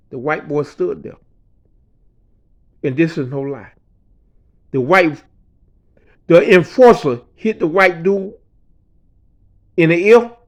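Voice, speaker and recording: A man telling a personal story in a quiet, low-key way, often dropping to a mutter and swearing freely. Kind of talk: personal story told casually.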